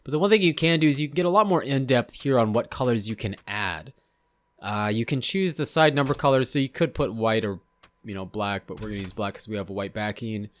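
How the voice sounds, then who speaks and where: A young man, slightly hoarse, casually talking through a video game's menus, rambling and often unsure of himself. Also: mid-range voice, fairly quick. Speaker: gaming YouTuber. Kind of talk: casual gameplay commentary.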